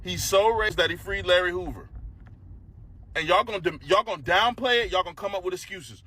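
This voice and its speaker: A man gives ranting political commentary with a bright, tense voice that sits a little high. He talks in a mocking, sarcastic tone, with faint traffic noise behind him. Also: fairly quick.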